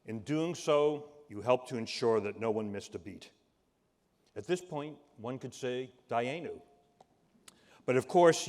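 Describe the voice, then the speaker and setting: Boston-accented man presenting a tribute, measured delivery, booming hall reverb. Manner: measured, warm, fumbles when improvising. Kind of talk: prepared tribute speech. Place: large event hall.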